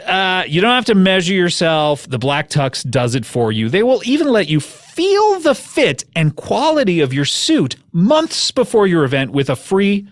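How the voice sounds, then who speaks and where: A man hosting a comedy podcast, playful and jokey, reading ads and bantering with guests. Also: fairly high pitch. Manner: playful, jokey, mock-amazed. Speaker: podcast host.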